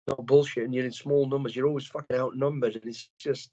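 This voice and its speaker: A man's voice: mid-range voice, quick pace, poor audio. Blunt, swearing man. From England. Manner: blunt, heavy swearing, animated storytelling. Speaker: former soldier, guest. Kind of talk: casual interview chat.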